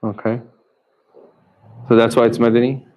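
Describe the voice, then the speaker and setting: A male teacher giving a Quran lesson in a classroom, questioning his students and repeating terms slowly. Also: medium pitch, flat delivery, darkish tone, low-quality recording. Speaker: Islamic teacher.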